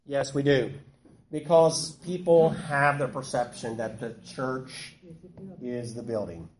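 This man's voice is medium in pitch and slow-paced as he leads a Bible study group. Animated, he asks the group questions and calls on people to read. Background noise and echo fill the room.

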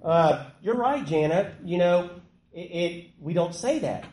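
A man with a fairly high voice and a measured pace leads a group Bible study, asking questions and calling on people to read. He's animated, putting questions to the group and calling on members. The room is echoey, with some background noise.

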